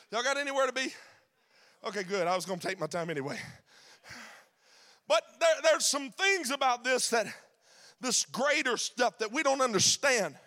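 A man preaching a sermon, rising into shouted, sing-song preaching. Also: very high voice. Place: church sanctuary.

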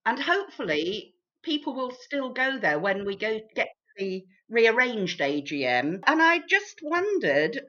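A woman from England telling holiday stories in a casual chat with friends, animated and chatty. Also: on the high side, measured pace. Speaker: group member sharing stories. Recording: dull lo-fi sound.

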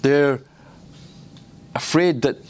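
A man's voice: a little high, very slow, a little hiss or hum. A man preaching at a ministry school, personal and reflective, often laughing between points.

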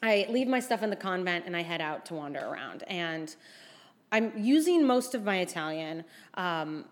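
Animated woman telling a comic story. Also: normal speed. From United States. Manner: animated, acts out quotes with big pitch jumps. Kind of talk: storytelling to a live audience.

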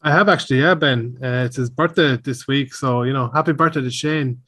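A man hosting a casual podcast interview, asking relaxed, friendly questions. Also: medium pitch, fairly quick, breathy edge. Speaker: podcast host.

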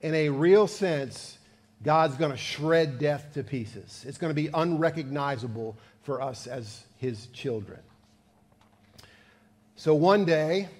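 A man's voice: a little high, slow. A man from Georgia, preaching a sermon in a folksy storytelling manner that builds to emphatic peaks. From Georgia, USA. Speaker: pastor. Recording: long church reverb.

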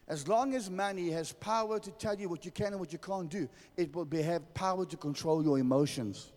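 A man with a South African accent preaching a sermon as pastor, addressing his congregation directly with forceful, repetitive phrasing. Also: high voice, brisk, few pauses. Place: church hall. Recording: long hall reverb.

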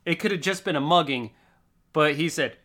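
Bright-voiced man adding comments. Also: on the high side, moderate pace. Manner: relaxed, adds short agreeing comments. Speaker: podcast co-host. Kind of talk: casual comic book discussion.

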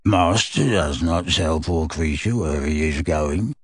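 A man reading aloud, voicing a spiteful old male house elf with a wheezy, cackling, slow and gloating manner. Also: a bass voice, husky, dry recording, clean studio sound, pitched below the performer's own voice, full character voice.

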